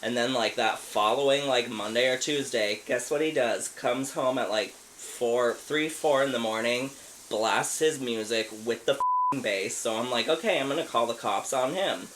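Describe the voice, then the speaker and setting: A man's voice: mid-range voice, normal speed, noisy background. Rambling, profane man telling a story. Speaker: podcast co-host. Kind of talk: casual storytelling.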